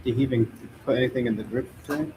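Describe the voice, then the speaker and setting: A man's voice: medium pitch, fairly even intonation, very fast, reverberant. Brief: man, mid-range voice, casual listener tossing out swearing reactions, faint background noise. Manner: reacts with laughs and profane exclamations. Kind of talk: casual chat.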